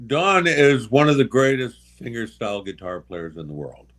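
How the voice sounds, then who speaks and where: An older man, a special guest, telling personal stories in a casual, halting way, often pausing and restarting, and tending to get emotional. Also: mid-range voice, very animated, fairly bright tone. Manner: halting, with many pauses and restarts; gets emotional while recovering. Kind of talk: casual anecdotal storytelling.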